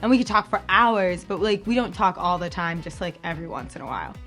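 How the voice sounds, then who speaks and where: A young adult woman hosting a campus ministry podcast in a chatty, bubbly way, full of fillers and with high-pitched quoted voices. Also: animated, fast, fairly bright tone, soft background music. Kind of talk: casual chat.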